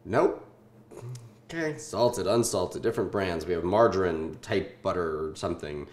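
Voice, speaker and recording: A man in his twenties from Southern California hosting a casual food-tasting vlog, joking and swearing in deadpan asides. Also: sits low, normal speed, echoey room. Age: 20s.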